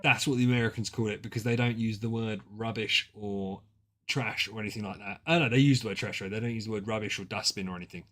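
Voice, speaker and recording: A British man streaming a drawing game, chatting casually with friends and reacting loudly to their guesses. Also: fairly low pitch, fast talker, faint music behind. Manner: excitable, banter-heavy and sweary, reacting to guesses. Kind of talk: casual gaming stream chat.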